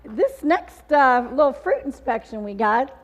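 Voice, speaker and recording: A woman's voice: sits high, animated, a little slow. A woman hosting a church series, chatting casually and affirming her guest with small laughs. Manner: affirming, chuckling. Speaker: church host. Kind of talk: casual chat.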